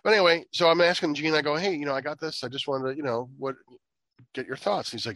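A man hosting a podcast, telling anecdotes quickly and swearing freely. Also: fairly high pitch, a bit bright, no room sound. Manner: fast, profane anecdote telling. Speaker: podcast host. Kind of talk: casual podcast chat.

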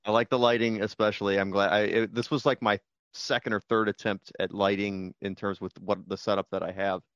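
A man co-hosting a podcast in casual chat, laid-back and teasing, with halting restarts. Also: on the low side, flat delivery, fairly bright tone, dry recording. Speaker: podcast co-host. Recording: dull lo-fi dry mic.

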